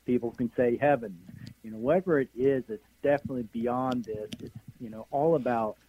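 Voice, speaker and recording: A man's voice: medium pitch, fairly quick, husky. A man guest on a phone-in interview, talking enthusiastically with many fillers and trailing phrases. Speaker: guest, energy healer. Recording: tinny phone line, dry.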